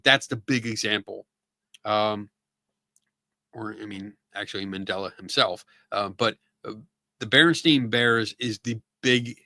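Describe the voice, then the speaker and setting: A man's voice: on the low side, bright, forceful tone, no echo, clean studio sound. A middle-aged man with a Philadelphia accent, hosting a casual livestream chat in a loose, rambling way full of fillers and restarts. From Philadelphia area. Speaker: podcast host.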